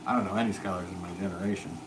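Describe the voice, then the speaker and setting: This low-voiced man races through a casual live-stream chat from his pottery studio, rambling and poking fun at himself with a chuckle. Steady background noise sits beneath his words the whole time.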